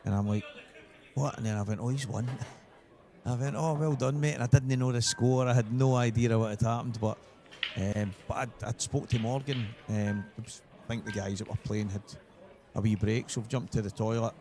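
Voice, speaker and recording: A Scottish man commentating on pool, telling stories from the circuit with animated retold dialogue. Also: lowish voice, moderate pace. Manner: storytelling, animated in retold quotes. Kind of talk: live sports commentary. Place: commentary position at a venue.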